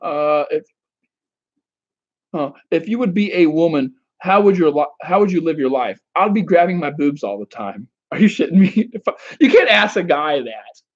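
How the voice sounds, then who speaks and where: A man's voice: a little high, expressive, moderate pace, highs cut off. A man giving dating advice on a casual live stream, answering chat with rambling, crude jokes and frequent restarts.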